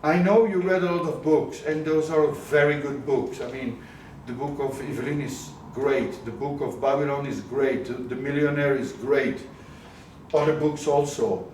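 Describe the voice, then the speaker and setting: A business coach gives a live coaching talk to a group, often questioning the audience and mixing in words from another language. His mid-range voice, darkish in tone and at normal speed, comes from a distant mic in an echoey room, with a little hiss or hum.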